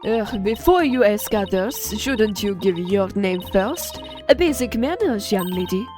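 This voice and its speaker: A woman's voice: mid-range voice, animated, measured pace, a little mellow, lightly acted. A woman voicing a haughty, eccentric female aquarium patron in a mock French accent, over game music. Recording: music playing behind.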